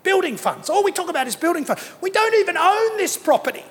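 Very high-voiced preaching man. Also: very animated, quick pace, a bit bright. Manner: emphatic, repeats key phrases, acts out quoted people. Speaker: pastor. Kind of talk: sermon. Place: church auditorium. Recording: long reverb from a large hall.

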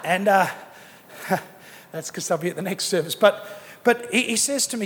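A man's voice: high-pitched, moderate pace, long pauses, a bit bright, slight background noise. A middle-aged male pastor preaching a sermon in a church auditorium, emphatic and repeating his key phrases. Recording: long reverb from a large hall.

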